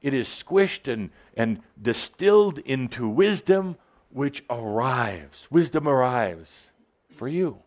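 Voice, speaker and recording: A man's voice: medium pitch, very animated, takes it slowly. A man giving a spiritual channeling talk to a live audience, playful and teasing as he exhorts them.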